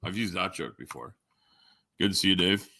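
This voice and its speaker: A man's voice: low voice, animated, moderate pace, bright, forceful tone, no room sound. A Canadian man hosting a live stream, chatting casually with viewers in a rambling, joking, profane way. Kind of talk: casual chat reading viewer comments.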